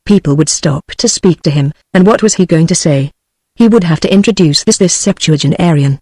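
A synthetic female voice with a British accent narrating an audiobook in an even, computer-generated read. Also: fairly low pitch, fairly quick, no echo. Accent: British English. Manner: evenly synthesized text-to-speech reading. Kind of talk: scripted narration.

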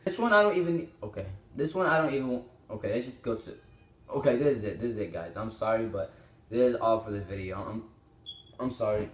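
Recording on a small desktop mic in an echoey room, the teenage boy reacts animatedly and fairly quickly in a fairly low voice. His casual commentary rambles, with frequent exclamations and swearing.

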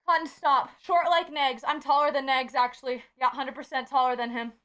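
A woman's voice: high-pitched, flat delivery, brisk, a bit bright. A woman streamer chatting casually with her viewers, playful and teasing, swearing freely and cooing to them in baby talk. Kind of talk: casual live-stream chat.

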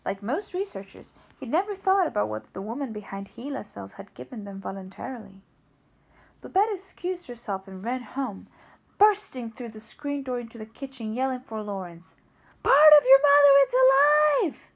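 Expressive woman reading an audiobook. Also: fairly high pitch, moderate pace, vocal fry. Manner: expressive reading that voices the characters. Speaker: audiobook reader. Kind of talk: audiobook narration.

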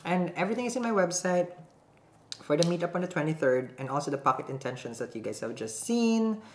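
A tarot reader with a fairly low, expressive voice gives a casual reading to camera, speaking briskly. She's chatty, laughs often, and checks in with viewers throughout. The recording has a roomy echo and faint background noise.

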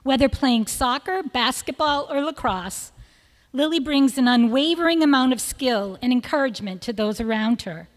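A woman reading prepared tributes to graduating students at a school ceremony, in a measured, list-like delivery of praise. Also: high-pitched, lively intonation. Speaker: school speaker presenting seniors. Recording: long reverb of a large hall.

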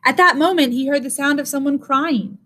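Woman reading a fairy tale aloud. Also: high voice. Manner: measured, expressive. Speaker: teacher.

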